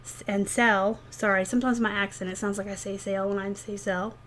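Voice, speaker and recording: A woman's voice: medium pitch, steady tone, fast talker. A woman, talking chattily and sarcastically to viewers in a rambling vlog about her reselling business. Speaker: eBay reseller vlogger. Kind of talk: casual vlog talk.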